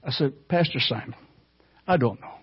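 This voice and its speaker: A man's voice: mid-range voice, animated, moderate pace, breathy edge. Man preaching, telling his story all fervent with uhs, kinda muffled lo-fi church recording. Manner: storytelling, fervent, hesitant fillers. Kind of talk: sermon testimony.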